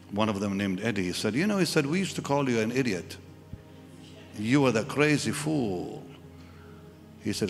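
A man preaching a sermon at a live church service, telling a personal story and acting out the voices of the people in it. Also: on the low side. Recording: live church hall with reverb and music.

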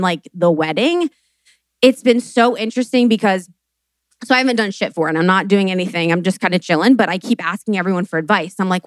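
A woman in her late twenties hosting a live podcast, telling stories in an animated, chatty way with lots of fillers and swearing. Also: mid-range voice, no echo. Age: late 20s. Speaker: podcast host.

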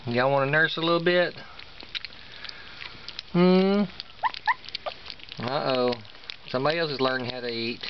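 A man's voice: medium pitch, unhurried, pauses often. A man with an East Tennessee Southern accent, a dog breeder filming and talking to puppies in coaxing, sing-song baby talk, repeating himself. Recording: dull lo-fi home video with clear background noise.

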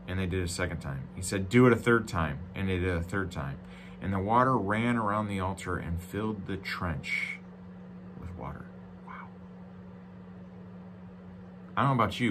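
A male pastor preaching a sermon, reading scripture aloud with joking asides, going from loud, emphatic lines to quiet, low-voiced reflection. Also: normal speed, long pauses, a little hiss or hum. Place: church.

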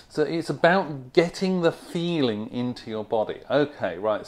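A man teaching a video lesson on reduction, talking clearly and stressing words rhythmically. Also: medium pitch, darkish tone. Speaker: accent coach.

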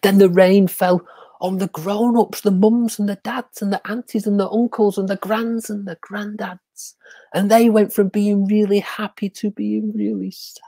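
A storyteller telling a children's story on a livestream, drawing out repeated words and dropping into hushed whispers for suspense. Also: mid-range voice, level tone, no echo. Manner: slow, drawn-out repetition for effect.

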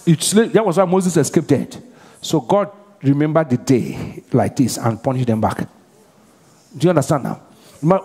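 A man preaching a sermon as pastor, with call-and-response questions to the congregation and bursts of shouted prayer. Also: on the high side, slightly rough. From Nigeria. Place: large church hall. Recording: live church hall reverb.

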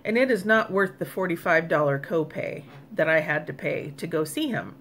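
A woman's voice: on the low side, lively intonation, normal speed, a bit bright. A middle-aged woman talking casually to her viewers in a personal vlog, frank and exasperated, speaking straight to the camera audience. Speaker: vlogger.

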